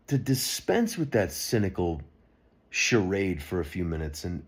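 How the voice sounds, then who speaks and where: A man's voice: low-pitched, sing-song, a little slow, breathy edge. A man talking straight to camera in an unscripted monologue, rambling and earnest with frequent restarts. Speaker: video blogger.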